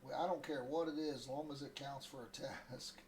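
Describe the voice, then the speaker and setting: A man's voice: mid-range voice, a little fast, noisy background. A man from Ohio chatting casually over a fishing game, rambling into stories and chuckling often. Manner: relaxed and rambling, storytelling between casts, chuckles often. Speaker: gaming channel host. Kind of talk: casual gameplay commentary.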